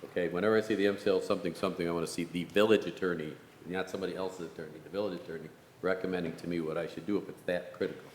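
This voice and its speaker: Deep-voiced man on a council dais. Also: fairly even intonation, racing. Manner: hesitant, wry, thinking aloud. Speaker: council member. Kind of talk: council meeting deliberation. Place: council meeting chamber. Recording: echoey chamber with faint hiss.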